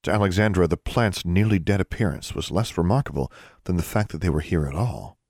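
A man narrating a fantasy audiobook in a measured, expressive reading. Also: sits low, no echo, studio quality. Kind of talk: scripted narration.

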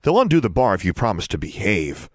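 A man's voice: fairly low pitch, wildly swooping pitch, fairly quick, no room sound, studio quality. A man voicing a smug teenage boy who bullies and gloats. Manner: smug, sneering. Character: taunting teenage boy bully.

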